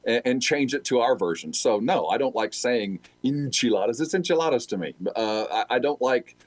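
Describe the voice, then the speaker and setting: A man's voice: medium pitch, lively intonation, brisk. A man chatting as a panelist, joking in a wry way. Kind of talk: casual panel chat.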